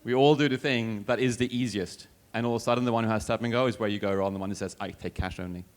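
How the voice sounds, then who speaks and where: A man from Sweden speaks on a conference panel in a fairly low voice. He explains things at length in a measured, thoughtful way, sometimes restarting a word mid-phrase. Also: steady tone. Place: conference stage with audience.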